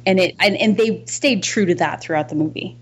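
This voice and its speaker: A woman's voice: on the low side, fairly quick, a little hiss or hum. A woman co-hosting a podcast in casual film discussion, thoughtful, restarting her sentences and laughing between points. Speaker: podcast co-host.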